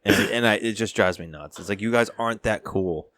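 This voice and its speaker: A man with a very deep voice talking in a casual podcast conversation. He rambles with fillers and restarts, and he states his views bluntly. His voice sounds dry and close-miked. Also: a little fast, fairly bright tone, no room sound. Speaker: podcast co-host. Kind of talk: casual chat.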